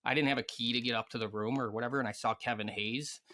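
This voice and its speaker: A man's voice: mid-range voice, fast talker. A man who is a former pro hockey player, telling casual stories as a podcast guest, full of fillers and swearing. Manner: animated, swears freely, many fillers. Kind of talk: casual storytelling chat.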